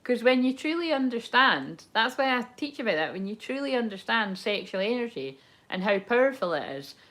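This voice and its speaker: A woman's voice: fairly high pitch, sing-song, brisk, fairly bright tone. Chatty, swearing woman reading tarot. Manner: chatty, rambling, laughs often, swears freely. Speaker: tarot reader. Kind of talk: casual live tarot chat.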